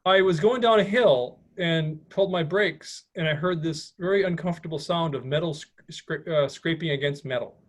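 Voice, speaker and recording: A man's voice: on the high side, moderate pace, hardly any pauses. A man presenting a slideshow to an audience in a meeting room, chatty and rambling, with many restarts. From United States. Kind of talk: informal slideshow talk.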